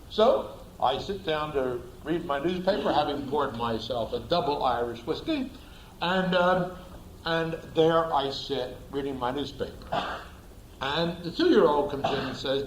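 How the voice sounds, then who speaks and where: Animated man lecturing through a story. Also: mid-range voice, a little slow, roomy sound, a little hiss or hum, poor audio. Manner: animated, repeats words for emphasis. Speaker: speaker, lecturer.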